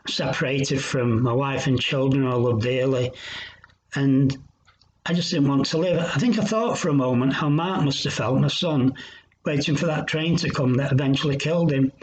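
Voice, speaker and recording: A man giving a personal testimony in an earnest, reflective way, pausing as he tells his story. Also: on the high side, slight background noise. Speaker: Christian recovery speaker. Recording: dull lo-fi sound.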